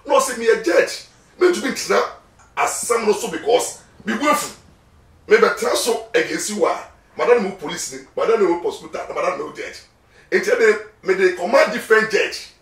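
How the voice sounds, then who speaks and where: In an echoey room with the microphone set far off, a male lawyer with a Ghanaian accent gives an animated interview blending Twi and English. His high-pitched, fairly bright voice is expressive and carries some vocal fry, moving at a moderate pace while he presses his points and repeats words.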